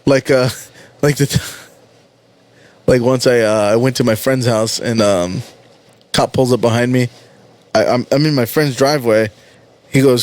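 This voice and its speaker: Male co-host, easygoing and wry, quick to laugh, casual podcast talk. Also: medium pitch, fairly even intonation, darkish tone. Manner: laid-back, laughs often, wry. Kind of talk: casual chat.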